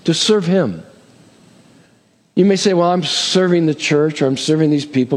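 A middle-aged man preaches with a lively, swooping delivery, pitched slightly high for a man. He leans on call-and-response amens and light jokes. His voice rings out with a long reverb in a large church. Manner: jokes and acts out quoted voices. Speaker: pastor. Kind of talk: sermon.

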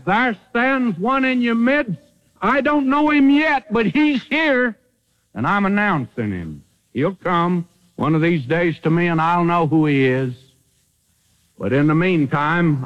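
A man preaching a sermon with dramatic swings from loud declarations to hushed asides. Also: fairly high pitch, muffled recording.

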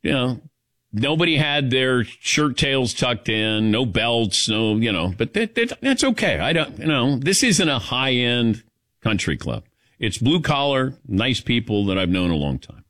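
A man with a mid-range voice, speaking a little slowly, hosts a talk radio show. He tells a rambling, casual story in an animated way, with lots of fillers.

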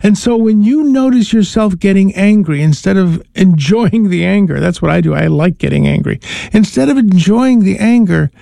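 A man's voice: high voice, animated, normal speed, vocal fry, dark tone, dry recording, clean studio sound. An older man, a priest hosting a call-in radio show, giving advice in a chuckling, rambling way with many restarts.

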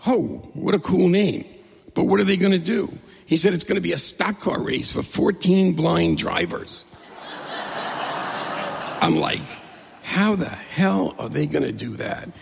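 A middle-aged man telling a lively, humorous personal story to an audience, acting out the dialogue. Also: high-pitched, a little slow, creaky, breathy edge, big-room sound.

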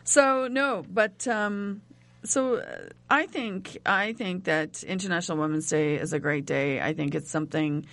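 A woman's voice: lowish voice, a little slow, a bit bright. A woman in casual chat, upbeat and enthusiastic, with lots of fillers.

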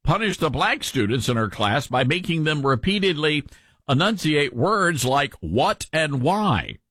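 Male talk host, soft Southern accent, slightly husky, folksy and chatty. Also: on the high side, sing-song, unhurried, no echo. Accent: Southern US, Tennessee. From Tennessee. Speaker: radio talk show host. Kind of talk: talk radio commentary.

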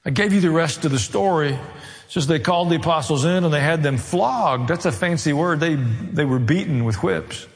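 A man preaching a sermon as pastor, earnest and pleading, acting out quiet prayers. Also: a little high, normal speed, big-room sound.

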